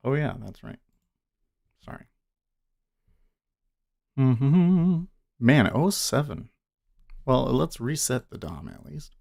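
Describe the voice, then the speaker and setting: Slow, musing male day-trading streamer. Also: medium pitch, very animated, gravelly, a little mellow. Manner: thinks aloud, musing and unhurried. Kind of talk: casual live-stream commentary.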